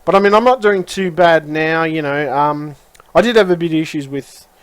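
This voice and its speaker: A man's voice: on the high side, moderate pace, clean tone, no echo. A man vlogging in a rambling, frustrated way, swearing often and circling back on his words. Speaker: YouTuber. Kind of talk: casual rambling vlog.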